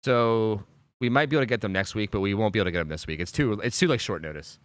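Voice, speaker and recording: A man's voice: on the low side, lively intonation, racing, no room sound. A young man streaming and chatting casually, rambling with lots of fillers and casual swearing. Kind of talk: casual chat on a game stream.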